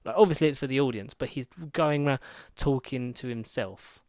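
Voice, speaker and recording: Male podcast co-host, rambling casual recapper, smooth voice, dry close mic. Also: mid-range voice, no room sound. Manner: rambling, animated retelling with quick asides. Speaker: podcast co-host reviewing films. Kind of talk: casual chat.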